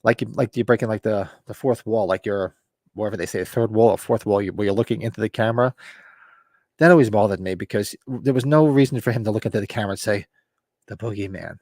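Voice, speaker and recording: A man's voice: fairly low pitch, quick pace, darkish tone, no echo, studio quality. Rambling man recapping a novel. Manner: rambling, loose retelling with fillers and acted quotes. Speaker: podcast host. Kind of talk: casual book club recap.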